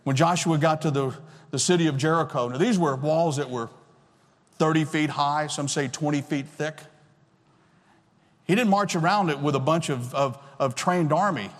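A man's voice: a little high, normal speed. A man in his sixties preaching a sermon as pastor, emphatic and repeating key phrases. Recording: long reverb of a large hall.

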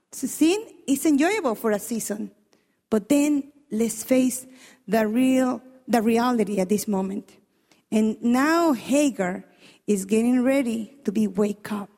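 A woman preacher delivering an emphatic, animated sermon and questioning her congregation. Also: high voice, big-room sound.

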